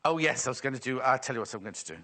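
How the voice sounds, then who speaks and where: Lively chatty male presenter. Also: medium pitch, racing. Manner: chatty, teasing, playful banter with crew. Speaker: shopping channel presenter. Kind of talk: live TV sales presenting.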